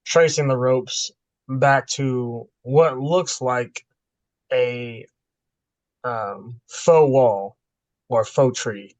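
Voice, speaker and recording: A man playing a tabletop role-playing game, describing his character's actions in a deliberate way. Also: medium pitch, a little mellow, no room sound. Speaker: player.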